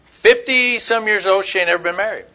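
A man's voice: high voice, brisk, pushed and bright. A man preaching a conversational sermon, telling stories in a blunt, folksy way and asking his listeners questions.

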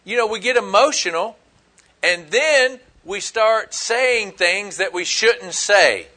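Folksy high-voiced preacher man. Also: animated, slow, bright, forceful tone. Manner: folksy, emphatic preaching with rhetorical questions. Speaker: pastor. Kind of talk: sermon.

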